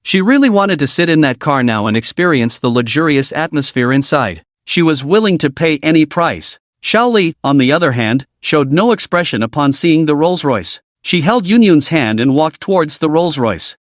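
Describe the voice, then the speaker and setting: A man narrating a scripted story recap in an even, steady reading manner. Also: fairly high pitch, moderate pace, few pauses, no room sound, clean studio sound.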